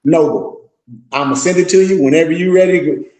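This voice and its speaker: Animated high-voiced man in an echoey room. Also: normal speed. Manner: animated, boastful storytelling with quoted voices. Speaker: pastor and teacher. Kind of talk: casual livestream talk.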